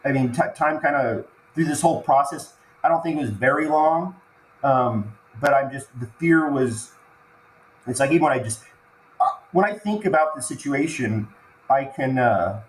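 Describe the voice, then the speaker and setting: A man tells a harrowing personal story, stumbling through repeated restarts and choking up in places. His voice sits at an ordinary middle pitch. The recording carries a roomy echo and a faint ambient hiss. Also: animated. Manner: halting, full of restarts, choked up while recounting. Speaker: podcast guest.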